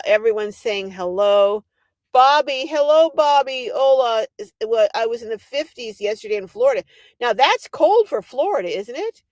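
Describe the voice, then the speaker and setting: An older woman chats on a livestream, her fairly high voice bouncing through an animated, laugh-filled story. The sound is close and dry, with no room around her. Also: no echo. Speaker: livestream host. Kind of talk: casual livestream chat.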